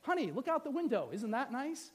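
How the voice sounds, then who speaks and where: A man's voice: very high voice, big pitch swings, brisk, breathy edge, heavily acted. A man voicing a proud, smug royal official who gloats about watching his enemy. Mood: gloating.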